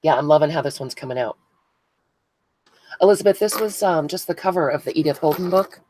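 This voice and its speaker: A woman's voice: low voice, expressive, fairly quick, warm tone, a little hiss or hum, rough recording. A woman hosting a casual craft live stream, chatting with viewers by name as she glues buttons and thinks aloud. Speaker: craft channel host. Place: indoors at a crafting table.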